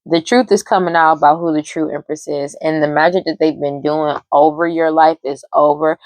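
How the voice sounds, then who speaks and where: A woman's voice: sits low, fairly even intonation, normal speed, darkish tone, dry recording, low-quality recording. A woman giving a casual tarot reading to camera, blunt and slangy, often laughing and swearing. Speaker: tarot reader.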